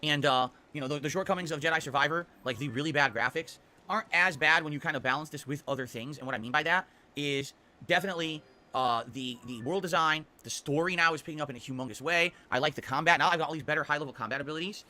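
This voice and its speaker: Guy streamer rattling off his schedule super fast, upbeat and rambly, kinda high voice. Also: pushed and bright. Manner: upbeat, rambling, often ends with "okay?". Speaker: game streamer. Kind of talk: casual stream schedule rundown.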